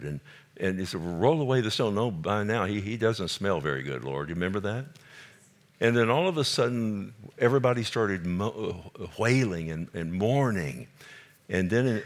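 A man preaching a sermon as a pastor, shifting from calm explanation to fervent, rising appeals and asking his listeners for an amen. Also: low voice. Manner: asks the congregation for responses like "Amen?".

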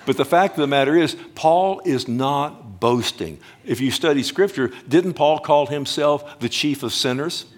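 A man preaching a sermon emphatically, often slowing down to stress words and calling out to his listeners directly. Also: fairly high pitch, lively intonation. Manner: emphatic, swings between loud and hushed, addresses the congregation directly. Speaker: pastor.

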